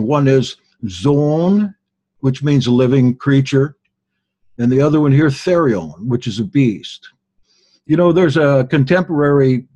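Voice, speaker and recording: A man giving a deliberate Bible study lecture as a teacher, explaining and stressing key words. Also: medium pitch, a little mellow, slightly rough.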